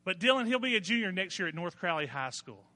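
A man preaching a sermon with a bright, sharp, high voice. He tells folksy stories and swings up into emphatic points, and his voice rings with long reverb through a church hall. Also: big pitch swings, quick pace. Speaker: pastor.

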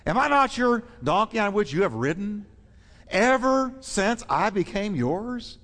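A man's voice: high voice, big pitch swings, measured pace, fairly bright tone, big-room sound, pitched above the performer's own voice, heavily acted. A man voicing a tired, faithful female donkey who pleads with her master in a plaintive tone. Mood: pleading.

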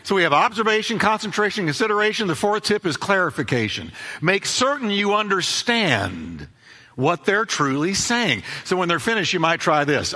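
High, lively pastor preaching in a reverberant hall. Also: male voice, moderate pace. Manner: emphatic preaching with repeated phrases and acted-out dialogue. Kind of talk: sermon.

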